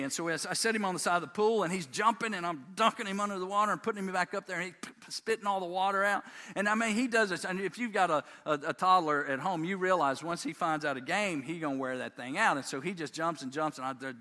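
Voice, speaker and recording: A pastor preaches a sermon through folksy family stories, animatedly acting out the voices of his sons. His voice is high-pitched, and he talks fast.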